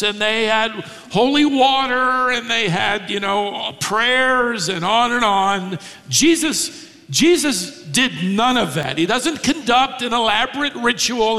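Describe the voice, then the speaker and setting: A man preaching an expository sermon, dramatic, acting out quoted lines with sudden raised shouts. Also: high-pitched, big-room sound. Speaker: pastor.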